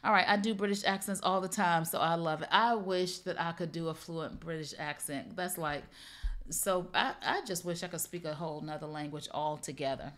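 A middle-aged woman hosting a live shopping show, pitching deals in a playful, chatty way and talking straight to her viewers. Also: steady tone, moderate pace, a bit bright.

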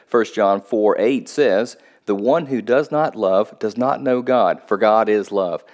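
A man's voice: fairly low pitch, a little slow, darkish tone. A male pastor giving a short video sermon, emphatic and stressing key words with rising force.

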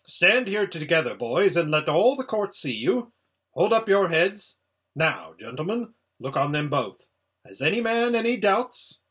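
A man voicing a gruff, proud older king who speaks in a stern, formal, commanding way. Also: high voice, sing-song, a little slow, fairly bright tone, voice pushed up, exaggerated voice.

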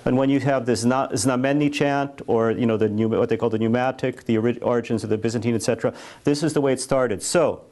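A man giving a workshop lecture on church cantoring, explaining casually and sometimes singing slow chant lines. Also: mid-range voice, fairly even intonation, a little mellow. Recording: faint background noise.

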